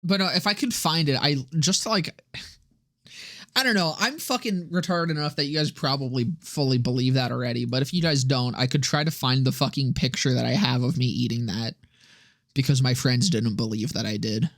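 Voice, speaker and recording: A man's voice: medium pitch, fairly quick, a bit bright, no room sound, clean studio sound. A young man streaming and chatting with viewers in a profane, rambling way, often laughing at his own jokes. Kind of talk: casual livestream chat with viewers.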